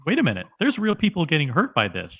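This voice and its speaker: A man's voice: fairly high pitch, huge pitch swings, fast talker, slightly rough. A man talking in a livestream chat, emphatic and repeating himself as he makes his point. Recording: tinny phone-like call audio.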